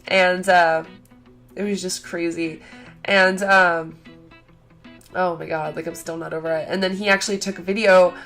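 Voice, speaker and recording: A young woman vlogging in casual chat, gushing and excitable, full of "like" fillers. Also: on the low side, moderate pace, pauses often, soft background music.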